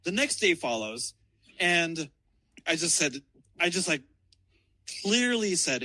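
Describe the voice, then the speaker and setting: A man's voice: on the high side, sing-song, slow, long pauses, sharp tone, low-quality recording. A man telling a rambling story in casual chat, swearing heavily and restarting his sentences.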